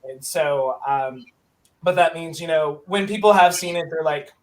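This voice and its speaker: Guest spot: high-pitched young man in his twenties, animated, self-mocking storyteller. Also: normal speed. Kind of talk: casual storytelling chat.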